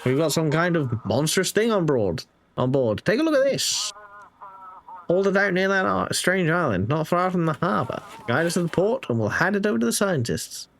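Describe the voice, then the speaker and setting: A gruff, blunt fishing boat captain calling in over the radio, read aloud by a man. The voice sits low and moves around a lot in pitch, offhand in tone, as in a video game read-through. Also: big pitch swings, moderate pace, a bit bright, a little hiss or hum, full character voice. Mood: urgent.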